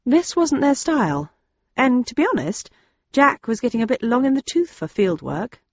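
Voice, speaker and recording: A woman narrating a first-person audiobook in a steady, understated way. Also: on the high side, normal speed, dry recording, lo-fi sound.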